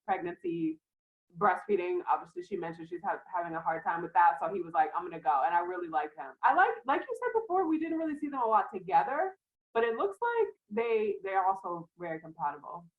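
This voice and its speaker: A woman's voice: on the low side, sing-song, fairly quick. Woman co-host over a tinny line. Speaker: podcast co-host. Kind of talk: casual chat.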